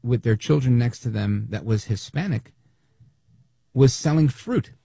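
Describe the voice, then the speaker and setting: A man's voice: medium pitch, a little slow, gravelly, husky, no room sound. A man hosting a talk radio show, delivering an opinionated monologue with sarcasm and mocking quotes. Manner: animated, sarcastic, mimics others in quotes.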